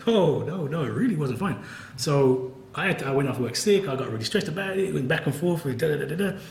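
Brief: quick, candid male professor, wry and laughing, roomy hall sound. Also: on the high side, expressive, gravelly, a little mellow, a little hiss or hum. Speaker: professor and author. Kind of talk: conversational talk at a book event.

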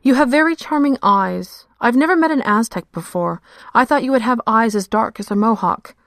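A woman's voice: fairly high pitch, animated, normal speed, a bit bright, no echo, clean studio sound, voice pushed up. A woman voicing a composed, formally polite noblewoman from London who speaks with cool dignity in an audio story. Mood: poised. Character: poised, dignified noblewoman investigator.

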